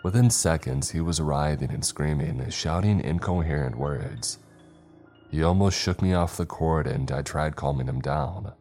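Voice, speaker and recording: A man reading a scripted first-person horror story in a tense, steady way. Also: a bass voice.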